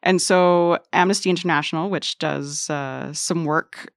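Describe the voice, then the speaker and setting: A British woman talking as a reporter on a podcast panel. She is hesitant and often restarts her sentences. Her voice is low for a woman, and the sound is dry and close. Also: steady tone, a little slow, gravelly, no room sound. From Britain. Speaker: education reporter. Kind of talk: casual podcast panel talk.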